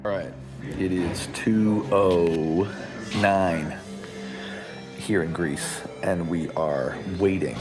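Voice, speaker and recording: A sleep-deprived man giving a dry, self-mocking vlog update, his voice gone deeper from lack of sleep. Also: steady tone, extremely slow, long pauses, music in the background.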